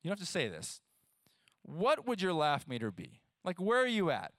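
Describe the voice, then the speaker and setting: A man in his thirties preaching a sermon, playful and animated, talking straight to his audience. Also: high voice, moderate pace, dry recording. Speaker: pastor.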